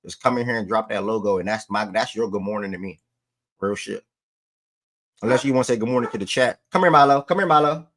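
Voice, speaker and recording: A man's voice: lowish voice, steady tone, fast, long pauses. A man hosting a sports livestream, talking to his chat in loose, slangy casual speech. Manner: loose slangy talk, breaks off to call his dog.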